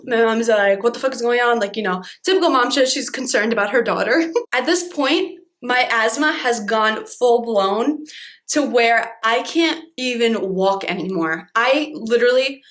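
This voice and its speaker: A woman's voice: on the high side, animated, a little slow, a bit bright. A young woman telling a dramatic, profane storytime vlog, laughing as she goes. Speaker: vlogger.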